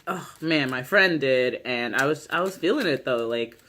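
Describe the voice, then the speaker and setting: A man's voice: mid-range voice, lively intonation, moderate pace, bright, forceful tone. A man casually recapping a TV episode. He rambles, leans on "like" and "you know", swears freely, and laughs easily. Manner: laughs easily while telling. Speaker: YouTube show recapper.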